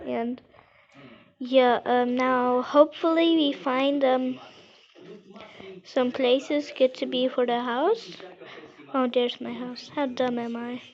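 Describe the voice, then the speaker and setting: A woman chatting casually over gameplay, rambling and halting with lots of fillers. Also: high voice, steady tone, dull audio. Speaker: game vlogger.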